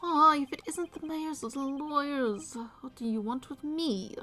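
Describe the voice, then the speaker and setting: A woman's voice: sits high, measured pace, bright, forceful tone, pitched above the performer's own voice. A woman putting on a pompous flamboyant male designer. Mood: haughty. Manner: pompous, put-on accent. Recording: faint music behind.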